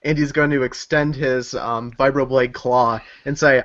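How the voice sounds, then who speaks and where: A man at a tabletop game, calmly describing his character's actions in a middle-pitched voice. The recording is dull and lo-fi. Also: measured pace. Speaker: player. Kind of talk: casual tabletop play.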